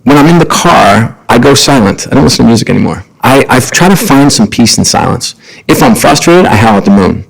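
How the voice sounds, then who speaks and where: A middle-aged man, a guest on a podcast, telling earnest, animated stories about his work and family. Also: medium pitch, a little fast, vocal fry, breathy edge, poor audio. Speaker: podcast guest, sports executive. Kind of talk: conversational storytelling.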